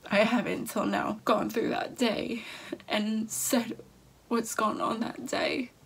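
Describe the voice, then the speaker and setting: A young woman tells a personal story straight to camera, her voice gravelly with fry and a husky edge. She speaks haltingly and often restarts her sentences. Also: fairly high pitch, steady tone, rough recording. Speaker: vlogger.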